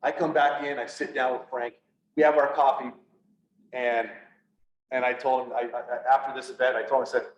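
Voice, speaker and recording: A man giving an earnest personal talk to an audience, halting at times and restarting his sentences. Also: mid-range voice, level tone. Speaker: public speaker on PTSD. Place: event room, speaking to an audience. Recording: echoey room, voice from far off, dull sound.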